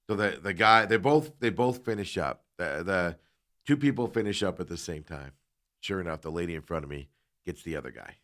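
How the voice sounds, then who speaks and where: Male talk host, lowish voice, casual anecdote, plays out both sides of the dialogue. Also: brisk, pushed and bright. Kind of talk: casual storytelling chat.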